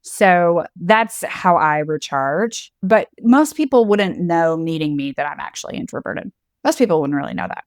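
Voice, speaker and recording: A woman's voice: on the low side, lively intonation, moderate pace, no echo, studio quality. Candid, playful woman podcast co-host. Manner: candid, playful, laughs often. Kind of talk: casual chat.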